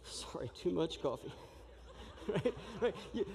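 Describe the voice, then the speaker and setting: A man preaching a sermon in an animated, joking way, acting out the shouting crowd as he tells the story. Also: sits high, a little slow, vocal fry, breathy edge. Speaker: pastor. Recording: long reverb of a large hall.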